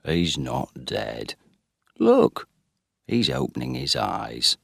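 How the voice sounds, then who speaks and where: A man voicing a calm older farmer brother who speaks in a steady, practical way. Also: very deep voice, very slow, creaky, slightly rough, dry recording, studio quality, voice pushed down, heavily acted.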